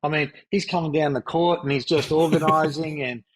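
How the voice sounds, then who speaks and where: A man's voice: a little high, steady tone, fairly quick. A man in his fifties from Australia with an Australian accent, a former pro basketball player chatting easily as a podcast guest. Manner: easygoing, reminiscing, frequent fillers. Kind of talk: relaxed interview chat.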